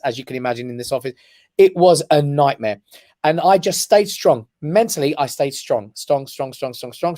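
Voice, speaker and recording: A man, a guest on a talk show, telling a personal story with lively emphasis and frequent "right?" check-ins. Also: on the high side, no room sound, studio quality. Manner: animated storyteller who keeps checking in with "right?". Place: his office.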